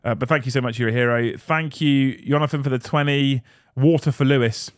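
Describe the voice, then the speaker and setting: A man's voice: mid-range voice, fairly even intonation, brisk, smooth, dry recording, clean studio sound. Blunt, sweary man streaming. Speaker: streamer host reading super chats. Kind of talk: casual livestream rant.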